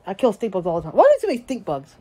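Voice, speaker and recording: A woman vlogging casually at home, rambling excitedly and chatting to her pets. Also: mid-range voice, very fast. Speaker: daily vlogger. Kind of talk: casual rambling vlog chat. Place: at home, yard and indoors.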